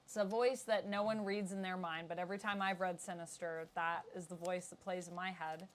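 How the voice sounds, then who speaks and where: A woman's voice: fairly low pitch, steady tone, brisk. Chatty woman host. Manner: chatty, laughs often. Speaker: podcast host. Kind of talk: casual chat.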